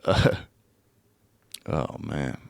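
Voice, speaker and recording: A young man from the United States hosting a casual solo podcast, swearing and rambling as he looks things up and reads aloud haltingly. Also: no room sound, studio quality. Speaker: podcast host.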